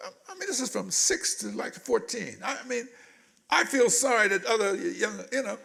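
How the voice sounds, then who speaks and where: A man in his eighties, a guest speaker telling stories from his life to a panel audience in an animated way. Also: high voice, moderate pace, vocal fry, slightly rough. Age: 80s. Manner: animated storyteller, voices quotes loudly. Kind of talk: storytelling in a panel talk.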